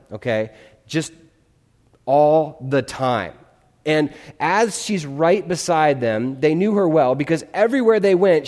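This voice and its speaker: A man's voice: on the high side, a little mellow. A male pastor giving a conversational sermon in a church, often checking in with his listeners. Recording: long hall reverb.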